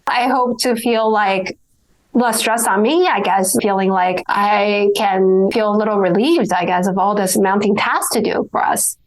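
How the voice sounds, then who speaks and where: A woman hosting an interview podcast talks in a casual, searching way, full of fillers. Her pitch sits in the middle of the range. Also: fairly even intonation, measured pace, rough recording. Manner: hesitant, with many fillers. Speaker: podcast host.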